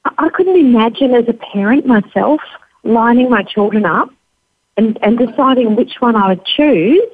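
Australian woman in her fifties, grandmother and guest, chatty storyteller, on the high side, heard down a tinny dry phone line. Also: lively intonation, moderate pace, slightly rough, no room sound. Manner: warm anecdotal storytelling, quoting others with lifted voice. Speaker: guest, charity founder. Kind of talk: storytelling interview answer.

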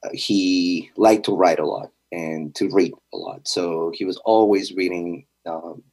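Young man, very low-pitched voice, interview guest, earnest, reflective, hesitant. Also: steady tone, unhurried, a little mellow, rough recording. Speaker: fitness trainer. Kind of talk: conversational interview.

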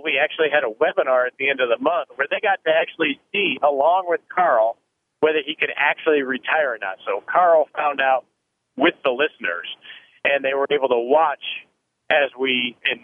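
A man's voice: fairly high pitch, slight background noise. A man speaking as a guest in a phone interview, explaining retirement planning thoughtfully and often restarting his sentences. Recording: tinny phone line.

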